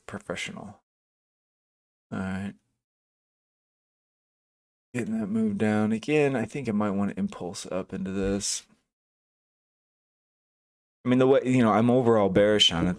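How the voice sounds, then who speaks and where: A man hosting a live day trading stream, thinking aloud over charts with many fillers and restarts. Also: low-pitched. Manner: thinking aloud, hesitant, frequent fillers and self-corrections; greets chat viewers by name. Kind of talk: casual live market commentary.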